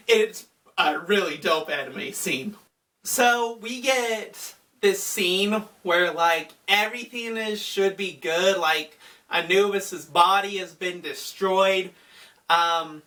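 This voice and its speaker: A man's voice: high voice, sharp tone, far from the mic. A man casually recapping an anime movie, chatty with fillers like "uh" and "like". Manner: chatty, with frequent fillers and laughs. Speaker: anime commentator.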